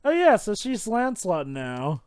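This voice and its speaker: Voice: mid-range voice, wildly swooping pitch, measured pace, darkish tone, smooth, dry recording, clean studio sound. A speaker doing jokey, casual group commentary while watching a movie. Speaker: commentary co-host.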